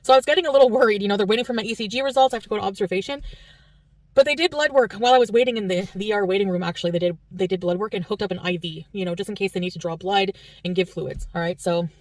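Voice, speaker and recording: A woman's voice: medium pitch, rapid-fire, darkish tone, no echo, recorded from a distance. A Canadian woman telling a long story in a vlog, rambling and chatty as she recounts each detail. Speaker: vlogger.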